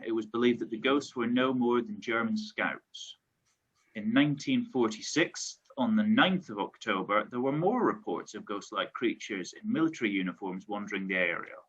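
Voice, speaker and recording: Bright, husky-voiced man reading aloud. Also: on the low side, muffled recording. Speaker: tabletop game player. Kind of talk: reading a letter aloud at a game table.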